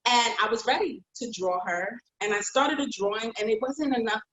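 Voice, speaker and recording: A woman painter telling her own story in an interview, heartfelt and expressive and quick to laugh. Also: on the high side. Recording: roomy echo.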